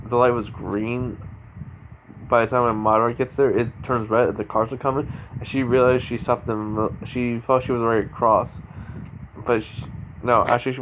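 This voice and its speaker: A man's voice: medium pitch, fairly bright tone, slight background noise, poor audio. A man telling an improvised fan-fiction story in a rambling way, with frequent restarts and self-corrections.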